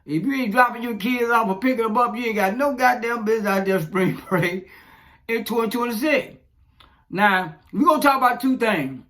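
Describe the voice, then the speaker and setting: A man's voice: very high-pitched, moderate pace, sharp tone. A man, ranting profanely in casual commentary, chuckling and rambling as he goes. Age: 40s. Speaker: social media commentator.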